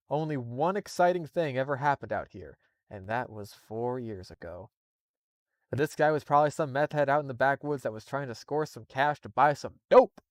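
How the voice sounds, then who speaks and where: A man's voice: medium pitch, no echo, studio quality. A man doing a casual live reading of a horror story, swearing freely and breaking off into laughing asides. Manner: profane, laughing, digressive asides. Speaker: story reader, streamer.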